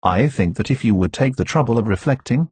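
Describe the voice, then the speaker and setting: A man reading the part of an earnest, persuasive young gentleman in an audiobook. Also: mid-range voice, expressive, fairly quick, slightly rough, dry recording.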